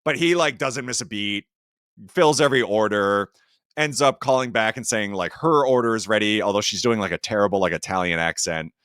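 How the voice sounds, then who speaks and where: A man's voice: mid-range voice, moderate pace, dry recording, studio quality. A man hosting a podcast, chatting casually about a film in a rambling way, full of fillers. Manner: rambling, heavy use of "like", animated rises. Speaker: podcast host. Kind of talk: casual movie review chat.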